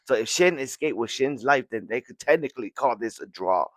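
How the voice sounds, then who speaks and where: Excited guy recapping a comic chapter, keeps repeating himself, dry close mic. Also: medium pitch, a little fast, no room sound. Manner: excitable, repeats words, acts out lines. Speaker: podcast host.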